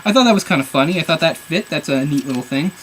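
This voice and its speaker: A man's voice: a little high, expressive, quick pace, a bit bright, slight background noise, poor audio. A man reviewing a comic book on camera, rambling in an exasperated, sarcastic way. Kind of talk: casual video review.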